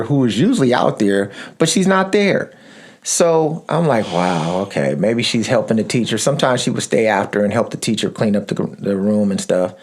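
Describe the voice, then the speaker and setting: A man in his fifties, a father and podcast co-host, telling a family anecdote in casual chat and acting out the voices in it. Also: mid-range voice. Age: 50s. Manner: animated storyteller, acts out voices in his anecdote. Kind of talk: casual storytelling.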